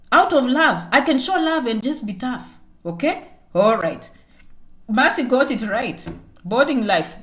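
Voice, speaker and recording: A woman's voice: high-pitched, a bit bright. A woman from Kenya giving an emphatic motivational live-stream chat, often speaking of herself in the third person and checking in with "okay?". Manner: emphatic, repetitive, keeps asking "okay?". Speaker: vlogger.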